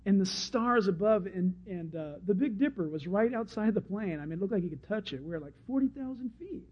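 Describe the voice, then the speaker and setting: A male pastor preaches with a high, lifted voice. He tells stories with animation and acts out the crowd. The recording is dull and lo-fi. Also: animated, brisk. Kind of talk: sermon.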